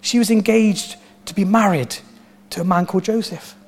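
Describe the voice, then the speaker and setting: Animated man preaching with repeated emphasis. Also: high voice, normal speed. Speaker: pastor. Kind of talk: sermon.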